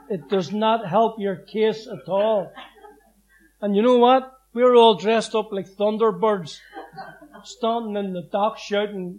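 A man's voice: sits high, unhurried, low-quality recording. A middle-aged man giving a plain-spoken personal testimony, acting out the voices in his story. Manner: plain-spoken, vivid, acts out quotes. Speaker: former prisoner giving testimony.

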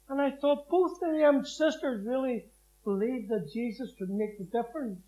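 High-pitched man, testimony sermon, emphatic storytelling. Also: lively intonation, moderate pace, darkish tone, highs cut off. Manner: emphatic storyteller, acts out scripture quotes. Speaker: preacher giving his testimony.

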